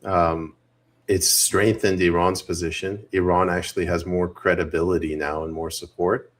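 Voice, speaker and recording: A man from Canada co-hosting a political podcast, weighing his opinions with a wry, measured tone. His voice is deep and low-pitched. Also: little pitch movement. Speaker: podcast co-host. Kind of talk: casual political chat.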